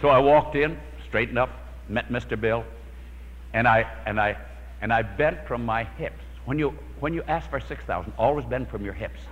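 A man's voice: medium pitch, moderate pace, a bit bright. A man preaching a sermon, telling a personal prayer story with dramatic storytelling and acting out his own prayers. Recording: lo-fi hall recording with long reverb.

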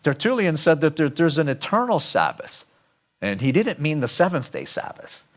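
A man's voice: fairly high pitch, very animated, moderate pace. A man giving a sermon-style lecture, emphatic and asking his audience rhetorical questions. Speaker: speaker.

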